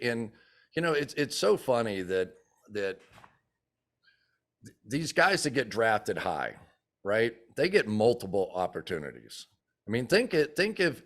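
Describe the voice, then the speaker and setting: A man in his sixties, a former football player turned TV analyst, chatting in an interview and acting out the quotes in his stories. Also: lowish voice. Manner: animated storyteller who acts out quotes. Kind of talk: casual interview chat.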